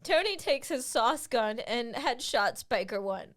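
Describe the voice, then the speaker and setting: A young woman reads her comic screenplay in a deadpan narrating voice, the stage directions delivered flat and dry. Her voice sits fairly high for a woman. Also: unhurried. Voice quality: deadpan narration broken by laughter. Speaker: comedian reading her own script. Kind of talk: comic script reading.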